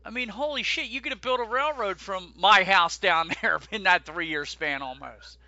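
Man, casual podcast chat, high voice, very bright and forceful tone, dull dry recording. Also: moderate pace, no echo. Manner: animated, joking, swears casually, keeps addressing his co-host. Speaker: podcast co-host reading theme park news.

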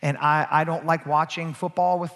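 A male pastor preaching a sermon, moving from quiet asides to loud, emphatic passages. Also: on the high side, level tone, normal speed, in a large hall.

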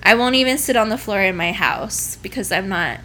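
A woman's voice: mid-range voice, animated, fairly quick, bright, forceful tone, slight background noise. A pregnant young woman telling an embarrassing story in casual chat, laughing often and swearing freely.

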